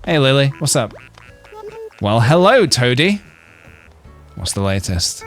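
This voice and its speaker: A man chatting on a game stream, wandering from joke to joke as he reads out his chat. His pitch rises and falls a lot. Soft game music plays faintly underneath. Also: big pitch swings, unhurried, pauses often. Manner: rambling, joking asides, reading chat. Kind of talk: casual gaming stream chat.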